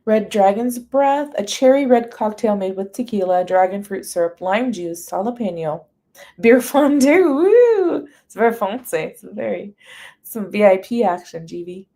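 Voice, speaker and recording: A chatty woman hosts a live stream with a warm, mellow voice. She reads menu items aloud as long lists and greets her viewers by name. Her talk is easygoing and casual. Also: medium pitch, sing-song, measured pace. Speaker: livestream host.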